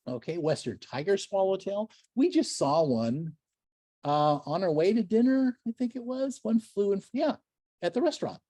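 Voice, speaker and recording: Animated older man gushing over slides. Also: on the high side, no echo. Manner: enthusiastic, gushing, chatty asides. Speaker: naturalist lecturer. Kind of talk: slide talk to a club.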